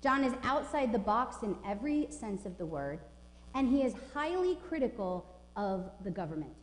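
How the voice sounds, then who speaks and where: A woman's voice: fairly high pitch, sing-song, moderate pace. A woman pastor in her forties delivers a sermon with emphatic, informal conviction. Her voice carries through a roomy church with a long, lingering reverb. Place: church sanctuary.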